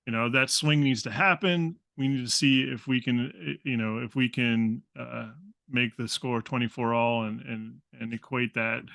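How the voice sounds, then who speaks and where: Bright-voiced coach host, dry sound. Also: male voice, medium pitch, fairly even intonation, normal speed, creaky, no echo. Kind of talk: casual interview chat.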